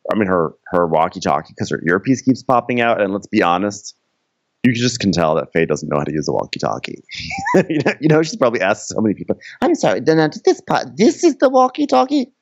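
Man, podcast co-host, jokey recap, deep voice, swoops up and down, muffled dry recording. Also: big pitch swings, fast, no echo. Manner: jokey, acts out reality-show people in silly voices. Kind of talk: casual recap chat.

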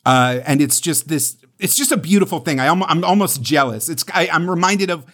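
A man's voice: on the high side, lively intonation, brisk, a bit bright. A man co-hosting a podcast, chatting casually and rambling with lots of fillers and restarts. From United States. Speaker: podcast co-host.

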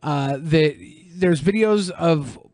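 A man co-hosting a podcast, explaining things in a measured way with some fillers. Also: fairly high pitch, a little mellow, dry recording, clean studio sound. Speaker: co-host. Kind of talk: casual podcast banter.

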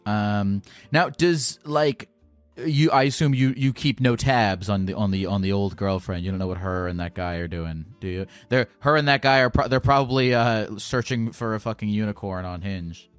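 Man, podcast host, lowish voice, casual halting chat, dry close mic. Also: clean tone, dry recording, faint music behind. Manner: halting, with many restarts and fillers.

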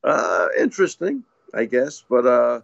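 A man co-hosting a casual sports talk show, easygoing and quick to agree. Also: mid-range voice, huge pitch swings, vocal fry, no room sound, muffled recording. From US East Coast. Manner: easygoing, agreeable, short replies. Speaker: podcast co-host.

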